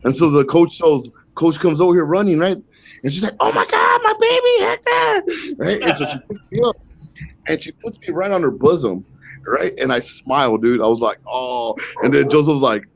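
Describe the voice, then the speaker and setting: A man's voice: on the high side, a little fast. A man on a podcast telling crude childhood stories in casual banter, laughing often. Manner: laughing, crude, animated storyteller. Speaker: podcast co-host.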